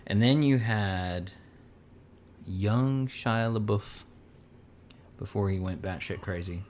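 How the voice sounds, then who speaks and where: A man's voice: lowish voice, slow pace, a little mellow, slight background noise. A man co-hosting a podcast, chatting casually and rambling as he searches for names. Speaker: podcast co-host. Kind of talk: casual chat.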